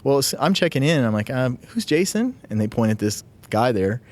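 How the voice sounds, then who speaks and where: A man's voice: medium pitch, a little fast, darkish tone. A man hosting a podcast, talking enthusiastically in casual chat with his co-host. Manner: enthusiastic, gushing gear talk. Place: convention media room.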